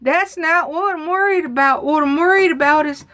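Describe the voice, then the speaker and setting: A woman's voice: sits high, moderate pace, pushed and bright, pitched above the performer's own voice. A woman voicing her fretful, devout elderly aunt, pleading and calling on the Lord. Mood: fretting. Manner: pleading, frantic, calls on the Lord.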